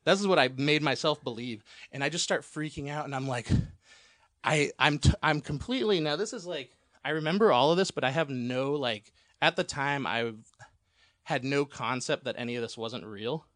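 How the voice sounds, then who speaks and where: A man's voice: medium pitch, moderate pace, fairly bright tone, no echo, clean studio sound. A man telling a long, rambling personal story as a podcast guest, laughing often and swearing freely.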